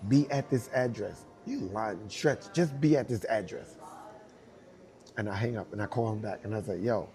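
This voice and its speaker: A middle-aged man, a dancer telling a lively story and acting out the voices of the people in it. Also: on the low side, moderate pace, faint music behind. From Brooklyn, New York. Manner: acts out both sides of dialogue, laughing often. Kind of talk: animated storytelling.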